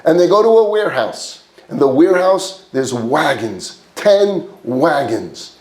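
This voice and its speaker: A man preaching as a rabbi, telling a story in an animated way and acting out its characters. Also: fairly high pitch, unhurried. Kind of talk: storytelling sermon. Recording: roomy echo.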